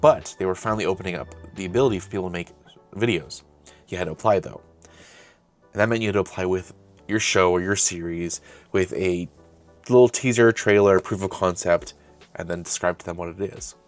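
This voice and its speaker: A young man hosting his own channel casually looks back on an old project, rambling and correcting himself as he goes. His voice sits low and brisk, with faint music behind it.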